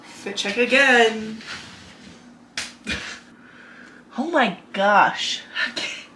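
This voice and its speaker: A woman's voice: on the low side, unhurried, a bit bright, slight background noise, rough recording. A young woman chatting casually in a vlog, out of breath, rambling with lots of likes and restarts. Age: young adult. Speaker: vlogger.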